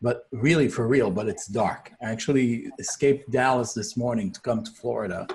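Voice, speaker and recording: A man guest on a video call, upbeat and excitable, chatting casually. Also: medium pitch, normal speed, slight background noise. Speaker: guest, app developer.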